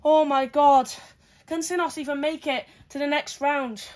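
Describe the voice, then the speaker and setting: A woman giving excitable play-by-play fight commentary, full of exclamations and counts. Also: sits high, unhurried.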